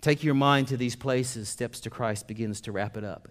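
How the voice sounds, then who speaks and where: A male pastor preaching a sermon in a folksy, conversational way, rising to loud emphatic passages and dropping to quiet personal storytelling. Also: fairly low pitch, steady tone, moderate pace, few pauses.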